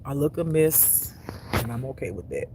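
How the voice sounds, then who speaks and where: A tired man chatting casually to viewers on a live stream from his phone, animated and laughing often as he talks. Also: medium pitch, normal speed, noisy background. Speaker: spiritual reader streaming live.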